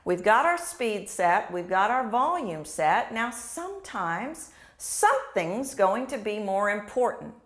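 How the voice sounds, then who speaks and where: A woman lecturing on speaking technique, demonstrating her points out loud. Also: medium pitch, sing-song, slow pace, hardly any pauses. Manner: demonstrative, acting out examples. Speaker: instructor. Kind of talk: lecture to camera.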